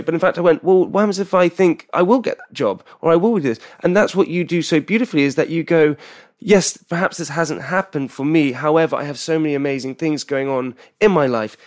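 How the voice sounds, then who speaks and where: A man's voice: on the high side, fairly quick. Earnest rambling man. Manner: rambling, earnest, self-doubting. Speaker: podcast guest. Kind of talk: casual interview chat.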